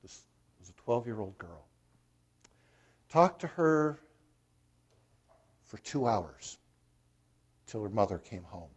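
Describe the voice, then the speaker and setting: A man with a husky, slightly breathy voice preaching to his congregation. He tells a story in plain, conversational terms and keeps putting questions to the listeners. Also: fairly low pitch, very animated, slow, long pauses, lo-fi sound. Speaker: pastor. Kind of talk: sermon.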